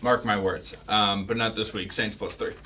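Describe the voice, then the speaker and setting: A man's voice: lowish voice, steady tone, moderate pace, bright, forceful tone, distant mic. A young man co-hosting a casual sports podcast, arguing his picks and repeating himself for effect. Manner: repetitive, argumentative banter. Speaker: podcast co-host. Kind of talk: casual sports betting chat.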